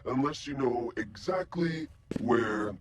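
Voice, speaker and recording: An actor playing a cold, sneering armored male villain in a video game, making slow measured threats. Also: mid-range voice, animated, heavy background noise. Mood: menacing.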